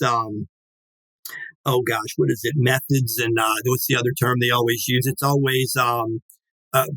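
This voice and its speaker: A man's voice: medium pitch, no room sound, rough recording. Man in his sixties telling a story. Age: 60s. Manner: lively, acts out quoted dialogue, swears casually. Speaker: guest. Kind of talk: casual anecdotal storytelling.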